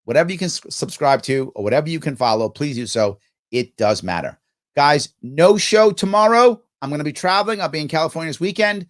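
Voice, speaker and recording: A man's voice: fairly high pitch, animated, brisk. A man hosting a live stream, chatting casually and answering viewer comments. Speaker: host.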